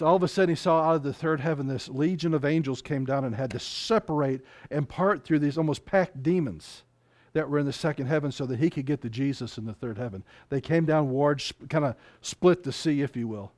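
A man preaching a fervent sermon, reading scripture aloud and speaking in quick bursts. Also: on the high side, a little mellow. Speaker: pastor.

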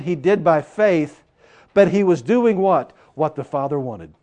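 A man preaching a sermon with passion, swinging between loud urging and hushed, quieter asides. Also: fairly high pitch, lively intonation, unhurried.

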